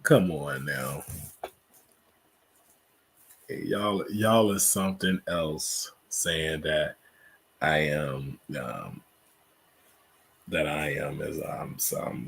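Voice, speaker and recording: Slow, husky man rambling to his viewers. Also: low-pitched. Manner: slow, meandering, many fillers. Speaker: livestream host. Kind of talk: casual livestream chat.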